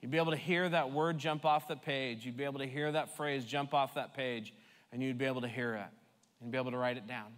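A man preaching a sermon at a medium pitch, talking to his congregation like friends, with emphatic, playful repetition. His voice rings out with a long reverb in a church sanctuary. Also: fairly even intonation, quick pace. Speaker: pastor.

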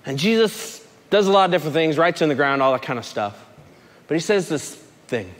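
A man preaching a sermon to a recovery group, telling a story with lively swings from shouting to soft, low speech. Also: normal speed, in a large hall. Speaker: pastor at a recovery ministry. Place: large room with a gathered group.

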